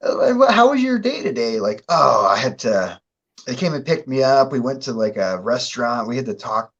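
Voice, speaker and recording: Halting man, dull muffled sound. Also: mid-range voice, animated. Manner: halting, restarts sentences. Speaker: podcast guest. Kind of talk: casual chat.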